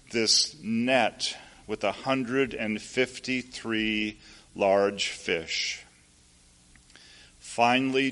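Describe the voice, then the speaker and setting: Slow-paced male preacher telling a story. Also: medium pitch, a bit bright. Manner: unhurried storytelling with asides to listeners. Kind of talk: sermon.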